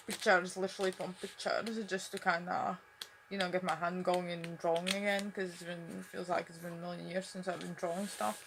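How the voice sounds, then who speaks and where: Mumbling young woman, low voice. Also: background noise. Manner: mumbling, rambling with many fillers. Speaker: vlogger. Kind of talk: casual talk to camera. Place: at home, indoors.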